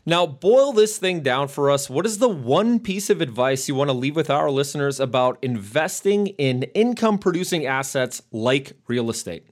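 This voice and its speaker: Lively, upbeat podcast host. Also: mid-range voice, normal speed, hardly any pauses. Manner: friendly, upbeat questioning. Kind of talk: casual interview talk.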